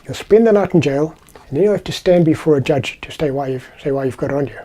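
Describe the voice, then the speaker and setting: South African man voicing a firm desk cop, husky, mellow, slightly high. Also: fast talker, lightly acted. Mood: stern. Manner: firm, laying down the rules. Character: stern male police officer at a front desk.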